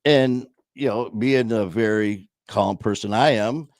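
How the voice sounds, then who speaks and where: Low-voiced man telling a blunt, profane story. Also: measured pace, a little mellow, dry recording, studio quality. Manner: blunt, profane, restarts and trails off. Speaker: podcast host telling his story. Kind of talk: casual storytelling.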